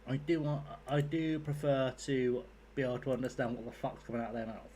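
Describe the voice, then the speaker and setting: A man's voice: mid-range voice, level tone, brisk, warm tone. Guy rambling and swearing while he plays, mid voice, bit of room noise. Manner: rambling, sweary, chatty asides. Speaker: gaming YouTuber. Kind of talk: casual commentary while playing.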